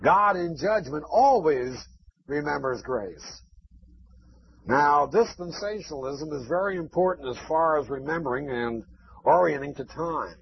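A man's voice: on the high side, lively intonation, measured pace, gravelly, slightly rough. A man preaching a sermon, emphatic and chanting repeated phrases. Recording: dull lo-fi recording.

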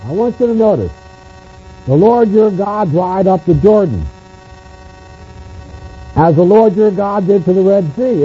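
Guy preaching a sermon, high lively voice, repeats stuff for emphasis, muffled lo-fi tape w hum. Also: unhurried, long pauses, faint music behind. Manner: emphatic, repeats phrases for stress. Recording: muffled lo-fi recording with mains hum.

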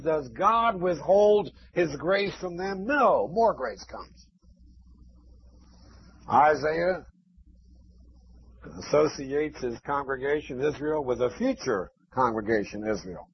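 A man's voice: a little high, breathy edge. A man preaching a sermon, emphatic and chanting repeated phrases. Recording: dull lo-fi recording.

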